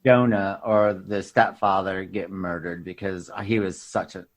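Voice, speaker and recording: A man co-hosting a casual podcast chat, telling stories with deadpan, dry humor and laughing at his own jokes. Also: low voice, a little slow, crowd noise. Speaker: podcast co-host.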